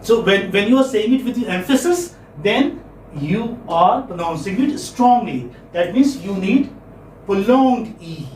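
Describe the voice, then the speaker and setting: A man's voice: high voice, animated, measured pace, darkish tone, far from the mic, slight background noise. Male teacher lecturing a class with checking questions; echoey classroom, mic some way off. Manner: repeats words, asks checking questions.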